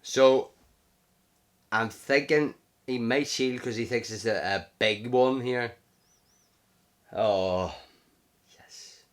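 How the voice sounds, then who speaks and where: A man giving live gameplay commentary, excitable, cursing at setbacks and cheering his wins. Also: mid-range voice, slow pace, long pauses. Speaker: gaming commentator.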